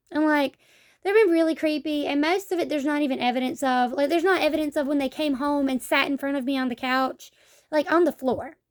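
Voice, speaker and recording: A young woman telling a story in a casual vlog, blunt and profane, acting out what people said to her. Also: high-pitched. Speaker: vlogger.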